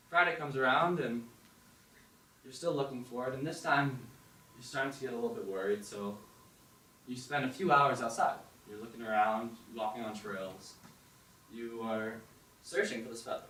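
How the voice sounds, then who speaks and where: A man's voice: medium pitch, steady tone, normal speed, sharp tone, a little hiss or hum. A young man performing a story at an open mic, narrating in the second person and acting out his own inner voices. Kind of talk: spoken storytelling on stage. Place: performance hall with audience. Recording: echoey hall, distant mic, faint ambience.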